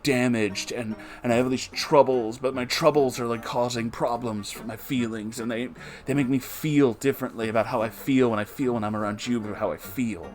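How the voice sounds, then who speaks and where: A man with a medium-pitched voice hosts a casual, rambling commentary on a fan fiction he's reading. He sounds amused, peppers his speech with "like" and "you know," and swears occasionally.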